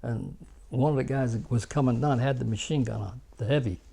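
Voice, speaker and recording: Older American vet, gravelly and dark-toned, rambling animated storyteller. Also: male voice, mid-range voice, a little fast. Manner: rambling, animated, laughs at his own stories. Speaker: war veteran telling stories. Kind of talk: casual spoken storytelling.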